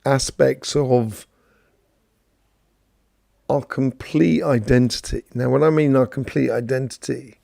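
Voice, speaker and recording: Gravelly, mellow man, rambling chat. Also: medium pitch, fairly even intonation, slow pace, pauses often, no room sound, studio quality. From London, England. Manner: rambling, chatty, greets viewers by name, many fillers. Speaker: host of a live Q&A stream. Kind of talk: casual spiritual talk answering viewers.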